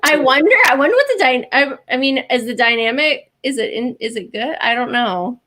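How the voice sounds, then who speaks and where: Giggly Canadian woman, rather high voice. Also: lively intonation, fairly quick, sharp tone. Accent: General American. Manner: giggly, rambling, hesitant with many restarts. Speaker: guest. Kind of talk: casual live stream chat.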